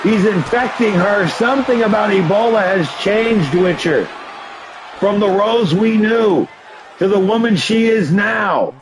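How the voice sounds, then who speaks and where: Excitable high-voiced man calling play-by-play. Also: a little slow, a little hiss or hum, poor audio. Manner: excitable, often shouting, chatty asides to viewers. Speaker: livestream host and commentator. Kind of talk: play-by-play commentary of a wrestling video game.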